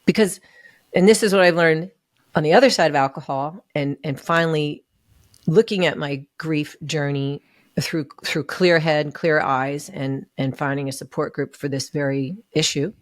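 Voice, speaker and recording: Appearing on a podcast, a woman tells a difficult personal story with earnest emotion, acting out other people's words. Her low-pitched voice holds a steady tone at normal speed, recorded dry at studio quality.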